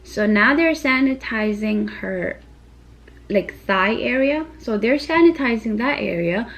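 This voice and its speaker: A woman's voice: on the high side, lively intonation, measured pace, a bit bright. A young woman and new mother retelling a stressful story to camera in casual, emphatic vlog style, with many fillers.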